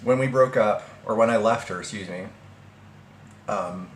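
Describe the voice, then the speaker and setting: A young man vlogging casually about a breakup, halting and restarting his sentences with many fillers. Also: on the low side. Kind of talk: casual personal vlog. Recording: echoey room with faint ambient noise.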